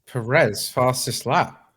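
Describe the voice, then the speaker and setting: Co-hosting a live race watch-along, this man talks slowly in a mid-range voice that's a bit bright and slightly rough. He keeps things easygoing, chatting about the race and saying hello to viewers.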